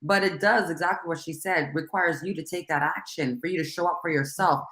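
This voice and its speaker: A middle-aged woman hosting a casual talk show, talking in an animated, rambling way and laughing often. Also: on the low side, brisk, roomy sound.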